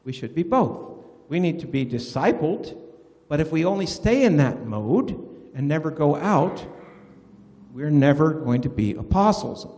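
Animated preacher in an echoey hall. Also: male voice, a little high, measured pace. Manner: animated, asks the congregation questions. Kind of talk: sermon.

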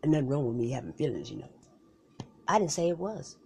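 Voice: mid-range voice, big pitch swings, quick pace, warm tone, slight background noise. A performer in a solo comedy skit voicing both sides of a bickering couple, with slangy, profane banter and mumbled asides. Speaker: comedic podcaster.

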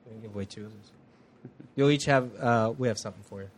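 A man's voice: lowish voice, a little hiss or hum. A man co-hosting a live podcast in a comic shop, joking at his own expense while running a prize giveaway. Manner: joking, quick to laugh at himself. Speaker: podcast co-host. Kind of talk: casual chat running a giveaway.

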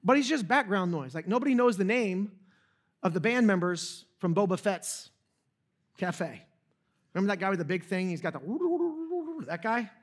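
A man's voice: high voice, moderate pace. A young adult man preaching a sermon, retelling a story casually with jokes and asides to the audience. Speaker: pastor.

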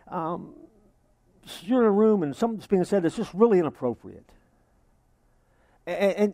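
Brief: male preacher, fairly high voice, dry close recording, acts out imagined congregants. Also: darkish tone, no room sound. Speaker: pastor. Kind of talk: sermon.

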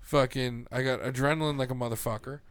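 A young man in a loose, profane chat, his voice smooth and resonant. He tells stories loudly and swears a lot, recorded close and dry. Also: mid-range voice, fairly even intonation, fast talker, no echo. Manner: swearing, loud storytelling. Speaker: podcast co-host. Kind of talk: casual chat.

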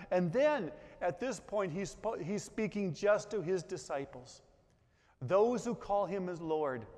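A man delivers a sermon to his congregation at an unhurried pace, chatting with them and having them repeat lines after him. His voice sits fairly high, and it rings out in a church hall with long reverb. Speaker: pastor. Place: church sanctuary.

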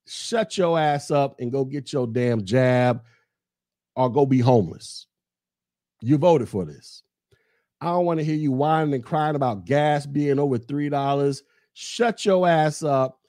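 On his own podcast, a man from the United States rants angrily about politics, cursing, mocking his listeners and repeating phrases for emphasis. His medium-pitched, mellow voice keeps a measured pace, recorded at studio quality without echo.

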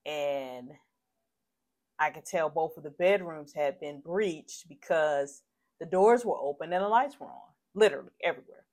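An adult podcast host speaking in a candid, rambling personal monologue, shaken and turning heated and profane. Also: mid-range voice.

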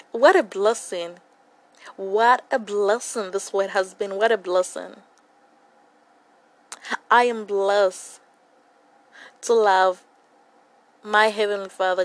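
A woman's voice: mid-range voice, low-quality recording. A young woman giving a devotional Bible reflection in an earnest way, often repeating phrases for emphasis.

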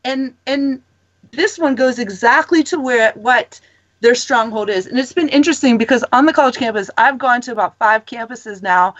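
Animated woman telling stories, lo-fi sound. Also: a little high, moderate pace, no room sound. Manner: animated storytelling, laughing often. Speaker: campus ministry guest. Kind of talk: casual chat.

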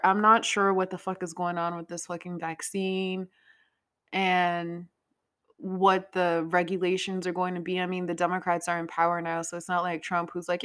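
A woman's voice: lowish voice, steady tone, moderate pace, a bit bright. A woman hosting a podcast, chatting casually in a rambling way, swearing freely and laughing often. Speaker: podcast host. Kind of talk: casual chat.

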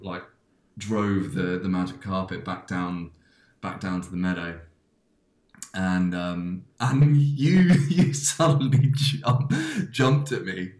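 Podcast host, male, low voice, loose rambling storyteller, echoey room. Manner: rambling, many restarts and fillers. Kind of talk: casual chat, telling a dream. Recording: roomy echo.

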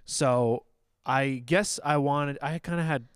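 A man's voice: medium pitch, slow pace, smooth, no room sound. A man in a casual church discussion, thinking aloud and restarting his sentences as he asks the pastors his questions. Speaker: church small-group member asking questions.

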